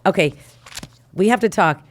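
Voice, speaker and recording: A woman co-hosting a comedy podcast, teasing her partner with quick quips in casual chat. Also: mid-range voice, lively intonation.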